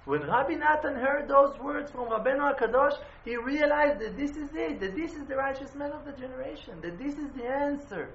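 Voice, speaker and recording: A man giving a sermon as a rabbi, telling stories with passion. He swings between hushed and loud and uses non-native phrasing and rhetorical questions. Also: extremely high pitch, expressive, fairly quick, gravelly, hardly any pauses, slight background noise. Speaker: rabbi teaching a Torah class. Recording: roomy, dull-sounding room recording.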